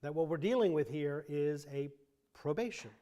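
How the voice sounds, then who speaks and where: A man with a fairly high speaking voice leads a church Bible class. He talks through the passage casually, restarting sentences as he thinks. He drops in dry, wry asides along the way. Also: animated, normal speed, warm tone. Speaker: Bible teacher. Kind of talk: conversational Bible class teaching.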